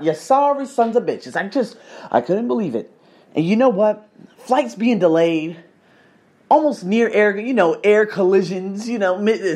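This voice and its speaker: A man telling stories on his solo podcast, animated, ranting and swearing freely. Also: high voice. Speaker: podcast host. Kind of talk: casual solo storytelling.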